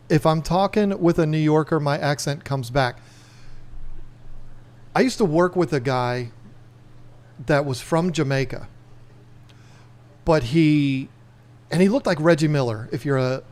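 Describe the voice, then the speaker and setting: This Northern Virginia man hosts a podcast livestream, chatting loosely, telling animated stories, putting on voices and laughing a lot. He speaks on the high side, a little slowly, pausing often.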